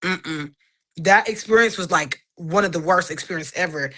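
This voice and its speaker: A woman in her thirties shares a personal faith testimony in relaxed podcast conversation. Her voice is bright and forward, and she tells the story with animation, slipping into the voices of the people she quotes. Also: fairly low pitch, moderate pace. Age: 30s.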